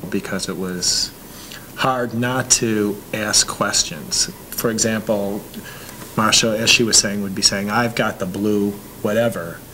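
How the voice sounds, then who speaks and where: A father describes home life in a relaxed interview. His voice sits a little low but sounds bright and forward. He thinks aloud and often restarts his sentences. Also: a little slow, a little hiss or hum, poor audio. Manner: reflective, with restarts. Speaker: parent. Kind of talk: casual interview.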